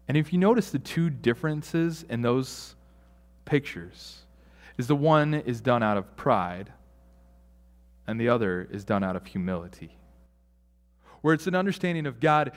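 A man's voice: mid-range voice, lively intonation, measured pace, long pauses, in a large hall. Man preaching with sweeping dynamics. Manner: dynamic, swings from loud emphasis to hushed near-whisper; conversational with fillers and asides. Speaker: pastor. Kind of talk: sermon.

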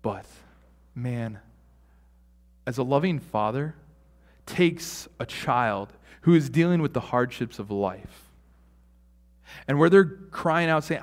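A man's voice: medium pitch, lively intonation, takes it slowly, long pauses, in a large hall. Man preaching with sweeping dynamics. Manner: dynamic, swings from loud emphasis to hushed near-whisper; conversational with fillers and asides. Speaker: pastor. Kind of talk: sermon.

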